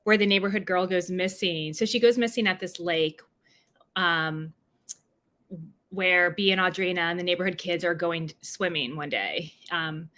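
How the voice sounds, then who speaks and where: A woman's voice: lowish voice, normal speed, bright, forceful tone. A woman from New Jersey, an author answering questions at a livestreamed book event, talking with many fillers and restarts over a video call. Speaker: author being interviewed.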